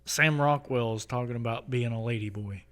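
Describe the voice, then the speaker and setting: A man co-hosting a podcast in casual chat, jokey, laughing a lot and acting out quotes in a loud, high voice. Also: normal speed. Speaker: podcast co-host.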